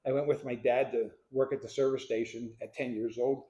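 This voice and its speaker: A man in his sixties from Pennsylvania telling his life story to a live audience, acting out what people said as a lively storyteller. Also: mid-range voice, fairly quick. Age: 60s. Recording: echoey room.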